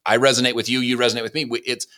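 A man's voice: medium pitch, level tone, racing, bright, forceful tone. A man, a guest author on a podcast, speaking in a preachy motivational way and repeating phrases for emphasis.

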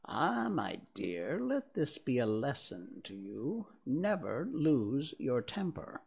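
A preachy old mother crab from a storybook, drawing out soft, slow advice to her daughter, as a man puts her on. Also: mid-range voice, huge pitch swings, gravelly, breathy edge, voice pushed up, exaggerated voice.

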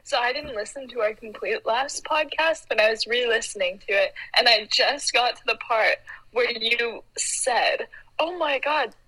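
A woman's voice: a little high, normal speed, bright, forceful tone, poor audio. A young woman co-hosting a casual podcast chat, giggly and teasing. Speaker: podcast co-host.

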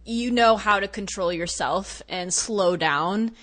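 A woman hosts a relaxed podcast chat, answering her guest in a supportive way. She thinks aloud as she talks, with fillers and restarts. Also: mid-range voice, slow. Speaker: podcast host.

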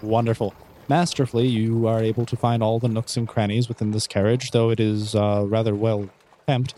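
A man's voice: lowish voice, level tone, moderate pace, mellow, a little hiss or hum. A young man running a tabletop role-playing game as game master, narrating and speaking for characters in an easygoing, friendly way with frequent ums.

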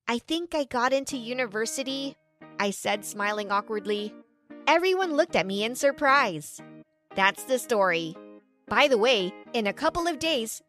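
A woman's voice: on the high side, a bit bright. A woman narrating a dramatic first-person story, voicing the quotes lightly.

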